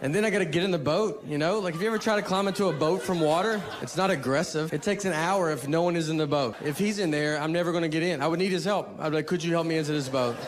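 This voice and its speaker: A man from Tennessee with a Southern accent, telling a stand-up comedy set in a laid-back, deadpan way with hesitant fillers. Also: a little high, quick pace, few pauses. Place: live comedy venue with audience. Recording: echoey live venue with audience laughter.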